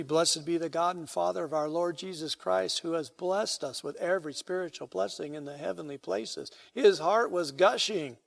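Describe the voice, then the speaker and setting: A male pastor preaching with emphatic force, his voice pitched a bit above the usual for a man. He builds loud on key phrases, then falls soft at the close of each line. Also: vocal fry. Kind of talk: sermon.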